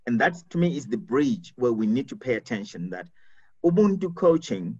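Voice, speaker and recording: A man's voice: medium pitch, sing-song, moderate pace, a little mellow, breathy edge, no room sound. A man from Africa, an executive coach speaking earnestly on a webinar panel, repeating words as he builds his points. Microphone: video call. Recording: dull video call audio.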